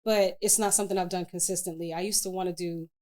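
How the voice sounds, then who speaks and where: A woman's voice: fairly low pitch, fast talker. A woman spoken word poet, a guest on an interview show, talking candidly and colloquially about her work. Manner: candid, colloquial, expressive storyteller. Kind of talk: casual interview chat.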